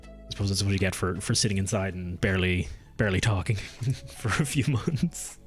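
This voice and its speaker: A man's voice: low-pitched, fairly quick, faint music behind. A young man streaming from home, chatting casually with his viewers, rambling and restarting his sentences as he goes off on tangents. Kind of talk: casual live-stream chat. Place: home room.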